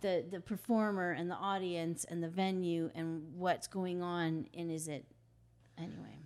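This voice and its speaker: A woman's voice: lowish voice, fairly even intonation, measured pace, darkish tone. A woman who owns a comedy club, chatting casually, laughing often and musing on what the nights mean to her. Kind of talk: casual chat.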